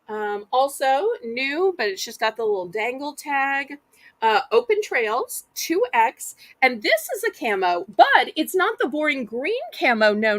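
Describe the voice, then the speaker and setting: A woman with a Southern US accent hosts a live-stream online auction, selling while chatting folksily and addressing her viewers directly. Her voice sits high with a fairly bright tone, and the recording is dry.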